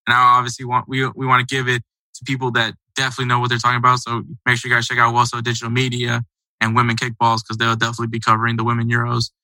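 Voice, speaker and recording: A man's voice: mid-range voice, monotone, racing, pushed and bright, no room sound, poor audio. A man hosting a casual sports podcast, talking in a loose, rambling, conversational way. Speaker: podcast host.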